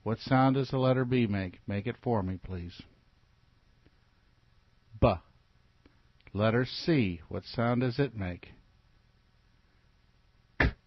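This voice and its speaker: A man's voice: medium pitch, normal speed, hardly any pauses, dry recording. A man teaching children letter sounds in a phonics lesson, patient and repetitive, asking them to repeat after him. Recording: dull, lo-fi recording.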